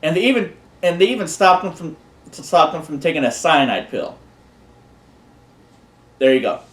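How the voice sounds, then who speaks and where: A man's voice: fairly high pitch, very animated, moderate pace. A man casually presenting a countdown of favorite videos, rambling and often restarting his words. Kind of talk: casual unscripted commentary. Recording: echoey room.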